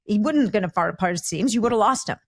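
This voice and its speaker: A woman's voice: mid-range voice, expressive, very fast, no room sound. Dry-voiced woman podcast host. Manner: affirming, sums up the guest's points. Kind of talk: conversational interview.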